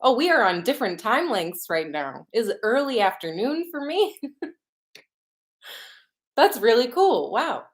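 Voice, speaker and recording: A woman's voice: on the high side, very animated, unhurried, pauses often. A young woman with a Chicago accent, a makeup artist chatting bubbly and casually as she hosts a livestream. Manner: bubbly and chatty, greets viewers by place. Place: home studio in Los Angeles.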